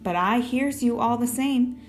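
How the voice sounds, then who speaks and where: A woman doing a gruff defiant dock porter. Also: fairly high pitch, a little slow, music in the background, pitched above the performer's own voice, lightly acted. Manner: blunt, common speech.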